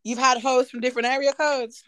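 Talking a little fast in a high voice, this woman hosts a podcast full of casual banter, ribbing her guests and cursing liberally with lively energy.

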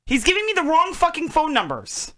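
A woman's voice: sits high, huge pitch swings, brisk, sharp tone. A woman co-hosting a podcast in casual chat, bickering in an exasperated way and swearing freely. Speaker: podcast co-host.

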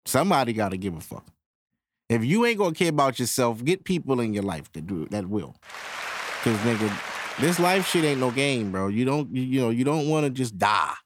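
A man's voice: medium pitch, big pitch swings, fairly quick, some chatter behind, slight background noise. A man hosting his own podcast, ranting casually and profanely straight to his listeners. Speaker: podcast host. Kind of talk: casual solo podcast rant.

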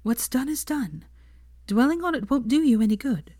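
A woman voicing a caring young woman who speaks softly and reassuringly, close to a whisper. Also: sits high, expressive, moderate pace, no room sound, pitched above the performer's own voice. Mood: tender. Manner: soft, reassuring, near whisper.

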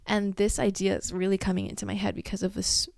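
A woman's voice: medium pitch, level tone, fast talker, gravelly, no room sound, studio quality. A young woman in her twenties hosting a solo podcast, talking candidly and emotionally about a breakup and swearing freely. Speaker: podcast host.

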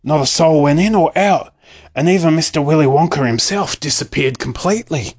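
A man's voice: on the high side, normal speed, husky. A man reading a storybook aloud, narrating expressively. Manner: expressive and lively.

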